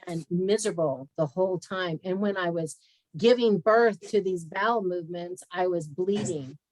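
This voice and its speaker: Frank, animated woman guest on a video call. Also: lowish voice, normal speed, dry recording, low-quality recording. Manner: candid and animated, acts out conversations. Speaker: guest speaker, health practitioner. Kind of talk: frank personal storytelling in an interview.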